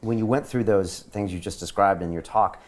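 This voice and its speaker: Deep-voiced male interviewer. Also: moderate pace. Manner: curious, asking short follow-up questions. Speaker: interview host. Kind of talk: interview conversation.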